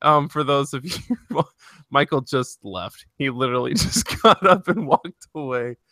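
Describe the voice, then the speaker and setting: Podcast host guy, keeps giggling, bright lively voice, dry close mic. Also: medium pitch, a little slow, no room sound. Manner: giggly, laughs often between words. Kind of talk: casual gaming podcast chat.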